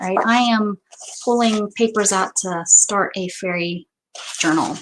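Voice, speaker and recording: A woman's voice: medium pitch, takes it slowly. Chatty woman crafting at home. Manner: chatty, thinks aloud, trails off and restarts. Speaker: craft channel host. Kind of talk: casual crafting chat to viewers. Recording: noticeable background noise.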